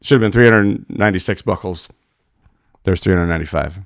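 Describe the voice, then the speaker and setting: A man's voice: low-pitched, fairly quick, dry recording, clean studio sound. A man who is a rodeo roper and father, a podcast guest telling blunt, profane stories full of quoted dialogue in a casual interview.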